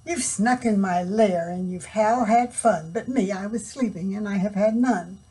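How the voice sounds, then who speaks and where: An older woman voicing a big grumpy bear who complains loudly and sulkily. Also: medium pitch, measured pace, husky. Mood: complaining.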